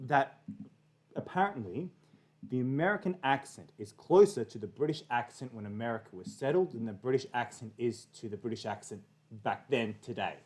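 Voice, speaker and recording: A man's voice: medium pitch, animated, moderate pace. A man from Australia co-hosting a livestream, bantering casually, teasing the host and patiently explaining things.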